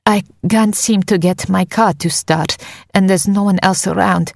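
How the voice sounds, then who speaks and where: A woman's voice: medium pitch, steady tone, unhurried, creaky, no room sound, studio quality. A woman voicing a breathless young woman in an audiobook, overly polite and pleading. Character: breathless young woman feigning car trouble. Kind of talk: audiobook character voice.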